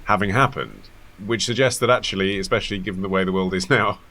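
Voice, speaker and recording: Podcast host guy, lowish voice, wry and brisk. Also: pushed and bright, a little hiss or hum. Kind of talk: hosting a news discussion podcast.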